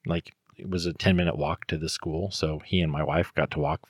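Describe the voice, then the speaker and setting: A middle-aged man chatting casually on a podcast, telling family stories in a relaxed way with fillers. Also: very deep voice, a little fast, no echo, studio quality. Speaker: guest.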